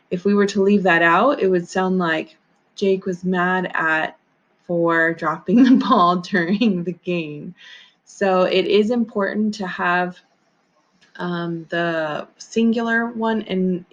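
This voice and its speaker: A woman teacher giving a recorded grammar lesson, patient and methodical, walking through examples step by step. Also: fairly low pitch. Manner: patient, methodical, talks through on-screen steps. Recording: slightly dull lo-fi audio.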